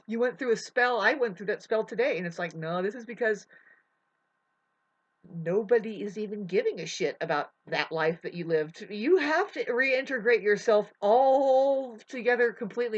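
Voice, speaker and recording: A woman in a rambling spiritual monologue, emotional and swearing, drifting between soft musing and loud outbursts. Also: mid-range voice, expressive, normal speed. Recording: dull lo-fi audio.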